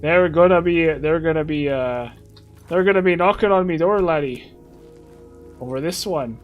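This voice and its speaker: A man voicing a gruff older male Irish thief boss, scolding in a put-on Irish accent. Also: fairly high pitch, moderate pace, phone-quality sound, faint music behind, close to an everyday voice. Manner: scolding, repeating laddie.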